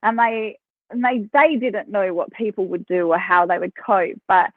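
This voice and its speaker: A woman with an Australian accent, a podcast guest telling stories in a chatty, animated way and laughing between phrases. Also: mid-range voice, moderate pace, no echo. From South Australia. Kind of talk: casual interview storytelling. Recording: tinny phone line, dry.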